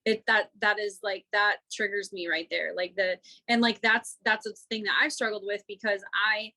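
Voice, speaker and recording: A woman guest on a podcast, speaking in a bright, clear tone. She rambles candidly, stringing thoughts together with plenty of filler words. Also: medium pitch, steady tone, moderate pace, rough recording. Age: adult, single mother. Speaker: guest, women's coach. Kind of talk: casual podcast conversation.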